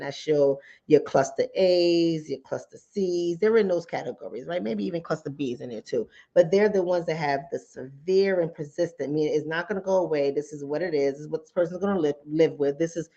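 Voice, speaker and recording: A woman with a low, mellow voice hosts a mental health talk show, talking casually and emphatically while repeating phrases to push her points. She acts out what callers say and how she answers, in conversational commentary. The recording is lo-fi and dull.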